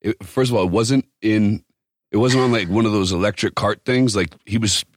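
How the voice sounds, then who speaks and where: A man co-hosting a podcast, telling stories in a profane, animated casual chat. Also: fairly low pitch, moderate pace, husky, dry recording, studio quality. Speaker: podcast co-host.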